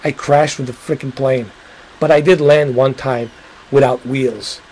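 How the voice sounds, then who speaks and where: A man's voice: medium pitch, steady tone, unhurried, a little mellow, low-quality recording. A man hosting a livestream, chatting casually and rambling to his viewers, swearing now and then. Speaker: livestream host.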